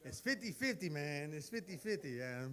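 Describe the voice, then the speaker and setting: A man's voice: fairly high pitch, normal speed. A man in his forties doing a profane stand-up set, telling stories and acting out the voices of the people in them. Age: 40s. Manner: animated, profane storytelling that acts out voices. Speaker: stand-up comedian. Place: live comedy venue.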